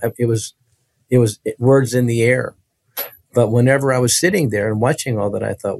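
A man telling a personal story as an interview guest, animated and emphatic, often repeating phrases. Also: mid-range voice, normal speed, gravelly, no room sound.

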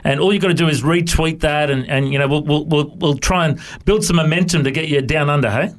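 A man hosts live radio, his voice a touch on the high side. He keeps things friendly and jokey, tripping over repeated words as he gets going. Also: a little fast. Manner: friendly, jokey, repeats himself when excited. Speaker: radio host.

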